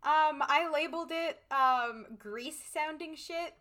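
A woman's voice: high voice, pushed and bright. A woman co-hosting a podcast, chatting casually, laughing a lot and swearing freely. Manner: giggly, drawn-out, swears casually. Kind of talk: casual chat.

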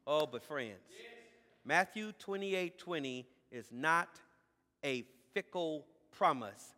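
A man preaching a sermon with a bright, piercing tone and a slow, deliberate delivery. He moves from calm teaching to shouting, stretching out key words for emphasis. The sound rings with the long reverb of a large hall. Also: a little high. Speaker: pastor.

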